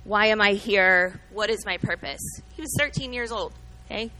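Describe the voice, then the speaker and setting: A woman's voice: medium pitch, moderate pace, sharp tone, slight background noise, low-quality recording. A middle-aged woman giving an earnest, emotional sermon-style talk, telling a story and teaching from the Bible, calling out to listeners by name. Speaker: speaker at a church gathering.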